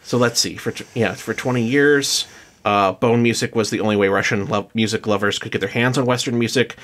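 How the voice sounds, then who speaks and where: A man's voice: lowish voice, brisk, a bit bright. A man co-hosting a podcast, chatting loosely and reading from notes with lots of fillers and restarts. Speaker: podcast co-host. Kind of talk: casual chat, reading notes.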